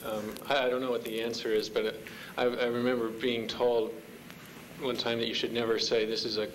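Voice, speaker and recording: A man's voice: medium pitch, level tone, fairly bright tone, a little hiss or hum, rough recording. A hesitant man asking from the audience. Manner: hesitant, halting. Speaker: audience member asking a question. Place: university lecture room.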